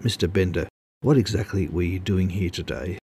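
A man's voice: sits low, moderate pace, darkish tone, slight background noise. A man doing a nervous, placating homeowner. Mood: calm. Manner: placating, uneasy. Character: nervous middle-aged man, wary homeowner.

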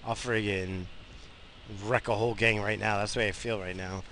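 A tired man rambles through a casual monologue from his car as host of his own show. His voice is gravelly and fry-laden, yet bright and forceful in tone, and he restarts sentences often. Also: lowish voice, fairly even intonation, moderate pace, a little hiss or hum. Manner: rambling, with frequent restarts and fillers. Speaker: podcast host. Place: in a car, driving.

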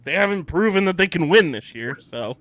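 A man's voice: high-pitched, lively intonation, a little fast, fairly bright tone. Laid-back young man joking about picks. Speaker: co-host of a lacrosse picks show. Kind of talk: casual sports chat.

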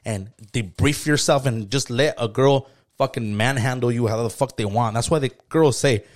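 In a mid-range voice at normal speed, a man co-hosting a podcast tells stories in a casual, profane, slangy chat, acting out the quotes.

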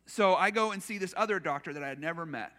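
High, bright-voiced pastor telling stories. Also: male voice, fast. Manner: conversational, self-deprecating storyteller. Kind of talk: storytelling sermon. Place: church.

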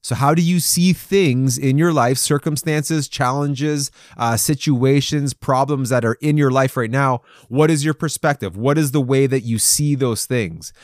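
A man's voice: medium pitch, a little slow, few pauses, no echo, studio quality. A man hosting a devotional podcast, telling stories in a chatty way and laughing often. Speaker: podcast host.

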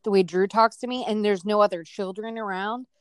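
Brief: mid-pitched woman, calm and agreeable, explains plainly on a family podcast, dry close sound. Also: fairly quick, smooth, no room sound. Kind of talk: casual family podcast chat.

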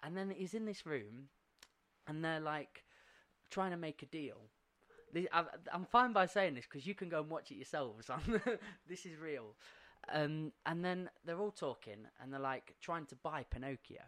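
A man, co-hosting a casual podcast, telling animated stories, acting out quotes and laughing often. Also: fairly high pitch, measured pace. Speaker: podcast co-host.

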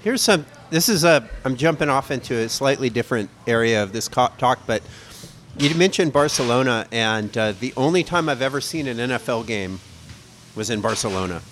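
A man in middle age tells a long, loose story in a casual pub conversation. His voice sits at an ordinary middle pitch, and he talks in a rambling, self-mocking way. He keeps the tone of easygoing chat. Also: expressive, brisk, fairly bright tone, a little hiss or hum. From United States. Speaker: podcast co-host.

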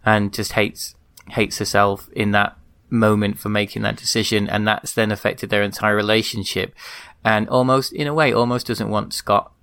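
A man with a low, gravelly voice co-hosts a casual film podcast. He talks reflectively through favorite scenes. The sound is close and dry. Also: little pitch movement, moderate pace, fairly bright tone, no echo. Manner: thoughtful, reflective retelling of scenes. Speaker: podcast co-host.

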